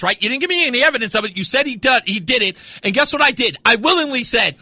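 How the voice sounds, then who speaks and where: A man's voice: very high voice, expressive, fast talker, hardly any pauses, bright, forceful tone, no room sound. A man hosting a call-in radio talk show, arguing insistently with a caller and repeating his points. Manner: insistent, argumentative, repeats himself. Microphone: studio mic.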